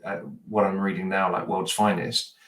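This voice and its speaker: A man's voice: sits low, level tone, moderate pace, fairly bright tone. A man chatting casually as a podcast guest, rambling and hesitant, with many restarts. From United Kingdom. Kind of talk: casual chat. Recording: roomy, distant mic.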